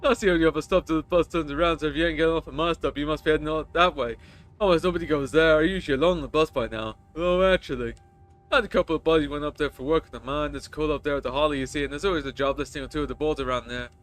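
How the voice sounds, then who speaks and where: A game streamer reading the lines of a chatty, rough male stranger on a bus, telling crude stories in a rambling way. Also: mid-range voice, racing, soft background music, lightly acted.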